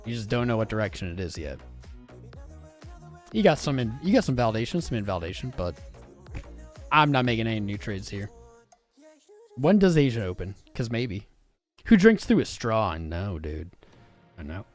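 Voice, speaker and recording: Young man, livestream host, very lively pitch, casual excitable chat, faint music behind. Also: normal speed, long pauses. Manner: animated, swearing, informal and excitable. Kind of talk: casual livestream chat reading viewer comments.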